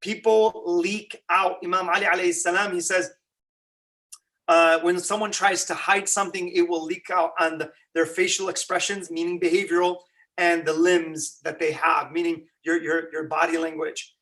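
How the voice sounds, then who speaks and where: A man giving a conversational religious lecture, animated and quizzing his listeners with rhetorical questions. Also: high-pitched, moderate pace, distant mic. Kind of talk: Ramadan lecture.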